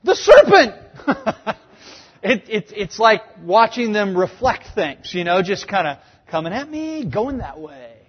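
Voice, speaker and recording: Guy preaching in a big echoey hall, kinda high voice, playful, does little voices for the bible folks, muffled audio. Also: a little slow, hardly any pauses, breathy edge. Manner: animated storytelling, acting out quoted voices with humor. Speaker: pastor. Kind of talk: sermon. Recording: dull, echoey hall sound.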